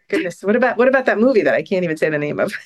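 Animated, lively-pitched woman. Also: dry recording, studio quality. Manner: emotional, laughs often, animated storyteller. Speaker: podcast co-host. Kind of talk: casual chat.

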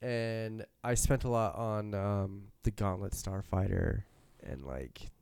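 A man hosting a casual chat while playing a mobile game, rambling, swearing casually and quick to laugh. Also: fairly low pitch, fairly even intonation, gravelly, a little mellow, smooth, no room sound. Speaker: host.

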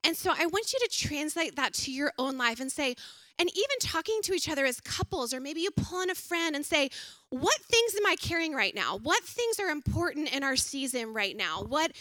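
A woman's voice: sits high, sing-song, normal speed, sharp tone, dry recording. A woman in her thirties giving an earnest, conversational sermon to a church audience, often putting questions to her listeners. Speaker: speaker at a church talk.

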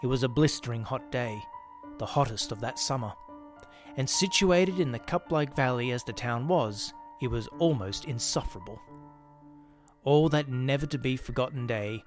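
Steady male ghost-story narrator. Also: medium pitch, moderate pace, soft background music.

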